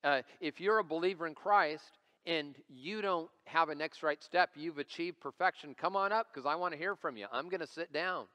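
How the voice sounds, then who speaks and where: A man's voice: a little high, moderate pace, hardly any pauses, sharp tone. A man in his forties preaching a sermon as lead pastor, conversational and storytelling with self-deprecating humor, recorded live in a church. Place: church sanctuary. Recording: church hall reverb.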